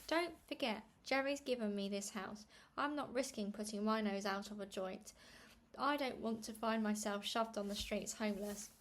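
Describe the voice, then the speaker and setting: A woman's voice: medium pitch, normal speed, slight background noise, lightly acted. A woman reading aloud and voicing a glib, self-serving middle-aged aunt who gushes and brushes off other people's troubles. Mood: indignant. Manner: gushing, breezy, talks over others.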